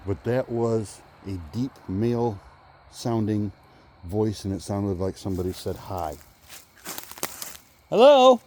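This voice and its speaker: A man vlogging on a walk through the woods, musing in halting speech and now and then calling out loudly. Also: lowish voice, steady tone, a little hiss or hum. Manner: musing, halting, with sudden loud call-outs. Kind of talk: rambling walk-and-talk vlog. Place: outdoors in woods.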